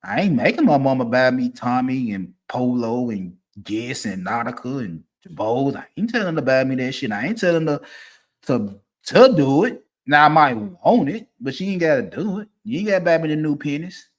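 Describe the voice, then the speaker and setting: A man, ranting casually and profanely, swinging from low mutters to loud, emphatic bursts. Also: big pitch swings, moderate pace. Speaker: streamer giving opinions.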